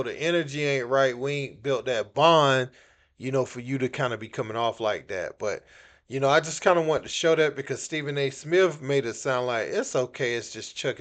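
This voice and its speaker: A man hosting a casual sports commentary video, talking loosely and conversationally with plenty of filler phrases. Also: medium pitch. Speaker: channel host.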